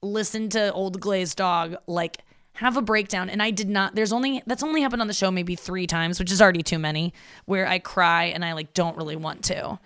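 A woman's voice: fairly low pitch, brisk, a bit bright, clear, resonant tone. A woman in her thirties hosting a podcast, talking candidly and rambling in a self-deprecating way, swearing freely. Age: 30s. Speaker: podcast host. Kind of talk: casual confessional monologue.

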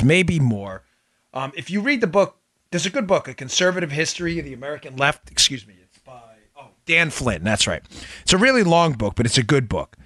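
A man hosting a political podcast, talking in an emphatic, animated commentary style and laughing often. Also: mid-range voice, no room sound, clean studio sound. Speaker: podcast host.

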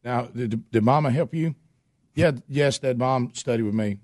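A man telling a long, animated story in casual chat as a host, acting out the voices of the people in it. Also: medium pitch, normal speed, no echo, clean studio sound. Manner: animated, acts out voices in his stories. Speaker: show host and youth football coach.

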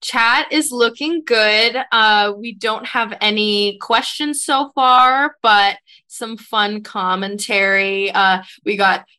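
Woman co-host, reads chat, relaxed, bright tone, mid pitch. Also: takes it slowly, few pauses, smooth. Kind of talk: casual livestream chat.

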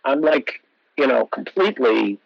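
A man in his sixties, an actor guest telling animated anecdotes and acting out the voices of people he quotes. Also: medium pitch, measured pace, gravelly, no echo, lo-fi sound. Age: 60s. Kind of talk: storytelling interview.

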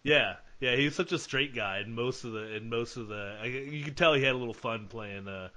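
A man co-hosting a casual chat in a bright, mid-pitched voice. He talks with enthusiasm and rambles, restarting his sentences often. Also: normal speed. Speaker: podcast co-host.

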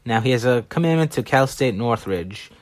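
A man's voice: mid-range voice, animated, normal speed, no echo. A man talking through baseball prospects in a casual, analytical way, now and then correcting himself. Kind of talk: solo scouting commentary.

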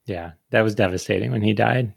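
A man hosts a casual chat in a playful way, laughing often and leaning on fillers. His voice sits fairly low. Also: brisk, vocal fry, husky, no room sound. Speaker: host.

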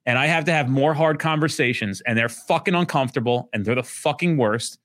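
A man who owns a police training company, talking bluntly and profanely in a casual podcast chat, acting out what others said in loud bursts. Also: mid-range voice, fairly quick, no echo, studio quality. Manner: blunt, profane, animated, acts out quoted speech loudly.

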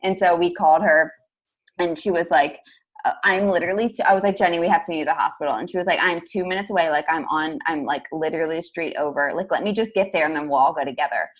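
Fast-talking chatty young woman. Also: low voice. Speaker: podcast guest. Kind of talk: casual storytelling.

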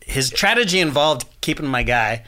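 Male co-host, slightly high voice, rambling joking podcast chatter. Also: animated, moderate pace, bright, forceful tone. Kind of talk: casual chat recapping a TV show.

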